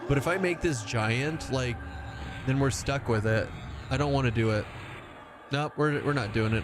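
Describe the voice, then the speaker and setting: A man's voice: medium pitch, normal speed, pauses often, noisy background. Rambling, swearing male game streamer. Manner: rambling, swears freely, chats with viewers. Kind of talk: casual live-stream chat while playing.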